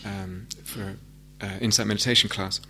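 A man giving a meditation talk, gentle and reflective, with frequent hesitant restarts. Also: lowish voice, steady tone, moderate pace, slight background noise. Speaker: meditation teacher. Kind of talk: dharma talk. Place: meditation hall with audience.

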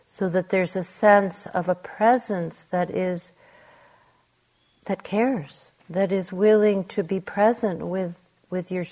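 A woman meditation teacher giving a contemplative dharma talk and reading a story aloud in a soft, gentle manner. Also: on the low side. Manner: slow, soft-spoken, contemplative.

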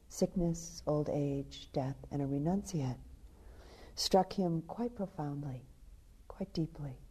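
A woman meditation teacher giving a dharma talk. She tells a story softly, often dropping to a hushed near-whisper. Her voice is low, very dark and husky. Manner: soft, storytelling with hushed passages.

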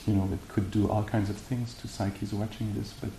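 A man giving a meditation talk and answering questions, speaking haltingly with many fillers and restarts. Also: on the low side, flat delivery, dark tone. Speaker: meditation teacher. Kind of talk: dharma talk and Q&A. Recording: echoey room with faint hiss.

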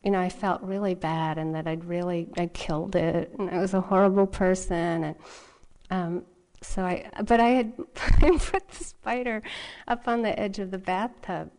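In a dharma talk, a middle-aged meditation teacher shares a personal story at a gentle, unhurried pace, often breaking into laughter. She speaks with a fairly low pitch and a steady tone.

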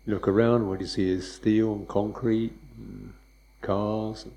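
A man teaching meditation in a loose, conversational dharma talk, wry and quick to laugh, checking in with "yeah?". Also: lowish voice, little pitch movement, creaky, warm tone, low-quality recording. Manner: wry, laughs often, mimics hurried speech and beeps.

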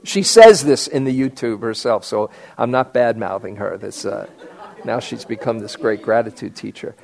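An older man telling a personal story in a meditation talk, halting with many fillers and restarts. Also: lowish voice, gravelly, darkish tone. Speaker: meditation teacher.

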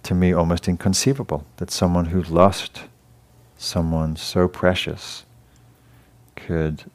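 A man with an English accent giving a dharma talk as a meditation teacher, gentle and halting, pausing and restarting as he tells a story. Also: low-pitched, flat delivery. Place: meditation hall class.

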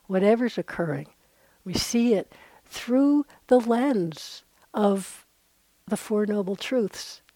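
Woman meditation teacher, mid-pitched, dry close sound, chatty and earnest dharma talk with asides. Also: animated, slow pace, mellow, no echo. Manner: conversational, with frequent asides. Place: meditation retreat center.

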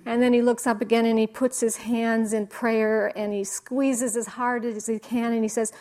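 A woman meditation teacher giving a slow, reflective dharma talk with soft pauses. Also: a little high, steady tone. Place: meditation hall.

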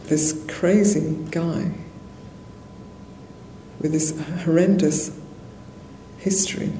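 A Buddhist nun giving a dharma talk in a monastery hall, telling a story conversationally with soft laughs and many fillers. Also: female voice, low voice, steady tone, very slow. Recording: roomy hall echo, faint noise.

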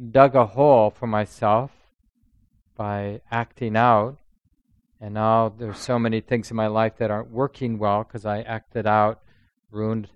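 A man giving a dharma talk as a meditation teacher, reflective and unhurried, often voicing inner thoughts as quoted speech. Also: lowish voice, dry recording.

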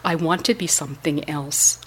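A woman's voice: deep voice, fairly even intonation, normal speed, fairly bright tone, slightly rough. A woman telling a story at a dharma talk, voicing Mara as a tired male tempter spirit who complains about his role. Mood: weary.

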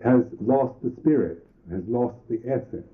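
A Buddhist monk teacher giving a reflective meditation talk, pausing and restarting his phrases often. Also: mid-range voice. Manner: slow, reflective, halting with restarts. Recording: tinny lo-fi old recording.

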